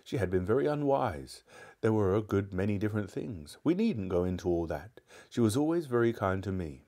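A man voicing a scheming elderly male magician uncle who talks in a smooth, ingratiating way. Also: lowish voice, sing-song, a little fast, warm tone.

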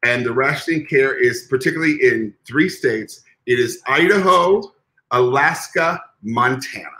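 A man's voice: mid-range voice, normal speed, bright, forceful tone, poor audio. A man co-hosting a podcast in casual chat, sassy, dramatic and profane. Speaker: podcast co-host.

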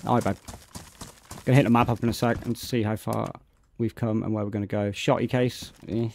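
A man's voice: fairly low pitch, level tone, brisk, gravelly, a little mellow. A British man live-streaming a game, chatting casually and greeting viewers by name as he plays. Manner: greets chat viewers by name between gameplay remarks. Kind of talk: casual live-stream chat while playing.

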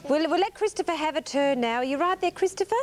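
Her voice sits high and moves fast as she hosts a children's television show, coaxing and encouraging preschoolers in a studio with a sing-song manner. There's a crowd in the background, and the recording is hissy 1980s TV broadcast tape.

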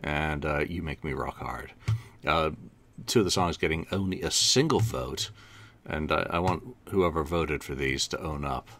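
A man hosting a podcast, briskly reading through a list with dry quips. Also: extremely low pitch, fairly bright tone. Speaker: podcast host. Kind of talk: casual chat, running down a list.

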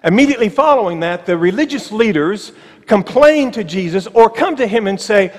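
Guy preaching in church, kinda high voice, long echo trailing off, leans hard on key words. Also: expressive. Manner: emphatic, slowing on key phrases, with ironic asides. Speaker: pastor. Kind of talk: sermon. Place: church sanctuary.

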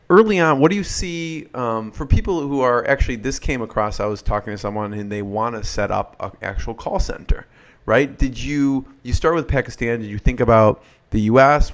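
A man hosting an interview, asking brisk questions with quick affirmations. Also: medium pitch. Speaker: interview host. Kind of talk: conversational interviewing.

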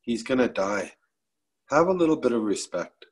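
A man's voice: medium pitch, sing-song, normal speed, breathy edge, pitched below the performer's own voice, low-quality recording. A man voicing a desperate young woman in a spoken story, earnest and defiant as she pleads for her dying brother.

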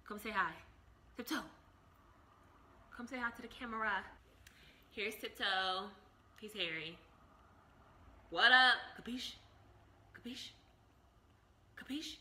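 A woman's voice: medium pitch, sharp tone, slight background noise. A woman in her thirties talking casually to the camera as a vlogger, playful and over the top. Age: 30s. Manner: playful, over-the-top, self-described extra.

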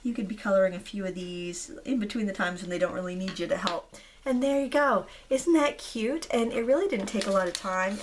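A woman in her thirties, a hoarse craft video host, talking casually through a tutorial with many relaxed ums. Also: mid-range voice, slight background noise. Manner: chatty, relaxed, frequent ums. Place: indoors at a craft table.

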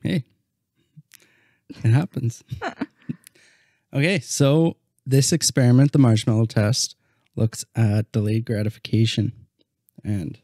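A young man and student co-hosting a casual podcast, explaining ideas calmly and answering in short replies. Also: mid-range voice, dry recording, clean studio sound. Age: young adult, a student. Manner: calm, explains plainly, brief replies. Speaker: podcast co-host. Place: home, on a couch.

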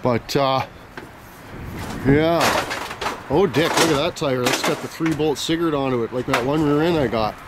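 A young man vlogging outdoors on a handheld camera, rambling and joking loudly with plenty of slang and swearing. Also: mid-range voice, normal speed, pauses often, very noisy. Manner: loud, profane, joking banter with lots of slang. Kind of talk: casual rambling vlog chat.

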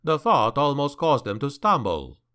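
A man narrating a dark fantasy audiobook in a measured, dramatic way. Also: medium pitch, very animated, smooth.

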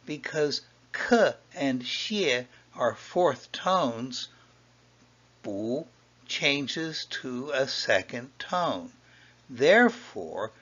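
A man teaching a language lesson, patiently explaining and repeating each example in a slow, explanatory way. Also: on the high side, fairly bright tone. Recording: dull lo-fi audio.

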